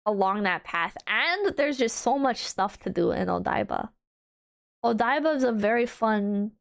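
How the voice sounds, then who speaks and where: A woman streamer chatting casually on a livestream, gushing and bubbly, piling on fillers and restarts, and swooping up high when excited. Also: creaky, smooth. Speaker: VTuber streamer.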